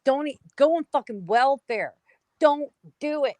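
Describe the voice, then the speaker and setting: An American woman with a high, animated voice, speaking a little slowly with a slightly mellow tone, appears as a guest in a heated casual talk. She rants angrily and swears constantly. The recording is dry and low-quality.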